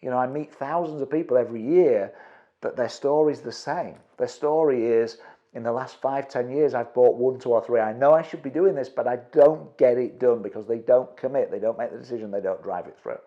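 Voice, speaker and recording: A middle-aged man, a property investment trainer, tells a story to an audience, acting out his own quotes with quick restarts. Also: mid-range voice, dark tone, muffled recording.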